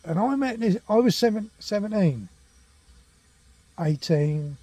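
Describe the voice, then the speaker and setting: Chatty older man, dark husky voice. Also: sits high, animated, a little slow, dry recording. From England. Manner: rambling, chatty, self-correcting, laughs at own tales. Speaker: walking vlogger. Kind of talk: casual storytelling to camera. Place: at home, indoors.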